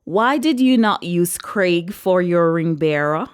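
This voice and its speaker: A woman's voice: animated, takes it slowly, smooth. A woman reading aloud voices a brash, indignant woman who puts on fake American airs slipping through. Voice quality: shrill, sassy.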